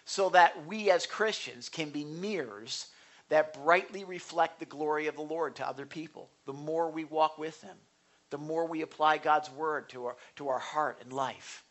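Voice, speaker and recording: A man's voice: a little high, normal speed, fairly bright tone. A man preaching a sermon in an earnest, conversational way, asking the congregation questions and building to emphatic bursts. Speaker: pastor.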